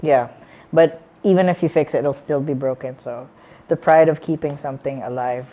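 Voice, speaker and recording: A man's voice: fairly high pitch, fairly even intonation, moderate pace, dark tone. A young Filipino man co-hosting a casual chat show, playful, often stammering and restarting his sentences. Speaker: co-host.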